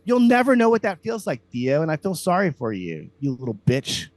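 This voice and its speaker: A man's voice: on the high side, huge pitch swings, fairly quick, a little mellow, dry recording. A man from Louisiana, a comedian hosting a podcast, ranting heatedly and profanely in casual talk.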